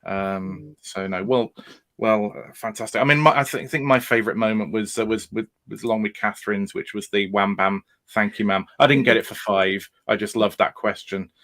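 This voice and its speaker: A man hosting a casual quiz aftershow, relaxed and full of fillers. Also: fairly low pitch, normal speed. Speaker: podcast host.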